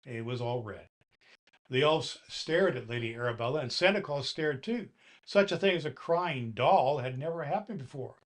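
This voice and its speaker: A man in a Santa Claus role, gently reading a children's story aloud and talking to the boys and girls listening. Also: mid-range voice, lively intonation, moderate pace.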